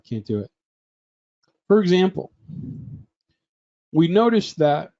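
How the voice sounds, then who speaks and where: A man's voice: fairly high pitch, warm tone, lo-fi sound. A man presenting a trading webinar in a chatty way, often asking the audience questions.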